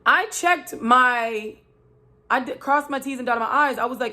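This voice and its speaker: A woman vlogger telling a personal story to her viewers in a casual, chatty and animated way, full of asides. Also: high-pitched, unhurried.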